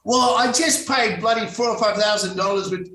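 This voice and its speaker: An Australian man, a former actor, telling lively stories about his career as a podcast guest, acting out what he said back then. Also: high voice, moderate pace, reverberant, far from the mic, low-quality recording. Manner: animated storyteller acting out his own past lines. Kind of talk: storytelling in podcast interview.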